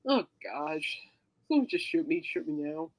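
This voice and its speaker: Lively, teasing woman podcast host. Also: deep voice, a little slow. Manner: playful, teasing, rambling. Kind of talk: casual podcast chat.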